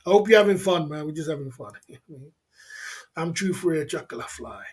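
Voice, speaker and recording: A man's voice: on the high side, expressive, normal speed. A man chatting casually on a livestream, laughing often and repeating himself in slangy banter to his viewers. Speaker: livestream host.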